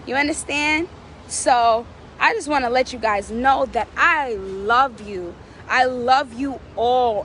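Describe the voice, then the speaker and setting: A woman's voice: high-pitched, slow, a bit bright, a little hiss or hum. A woman vlogger giving fervent, preachy encouragement, repeating phrases for emphasis. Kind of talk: casual inspirational talk.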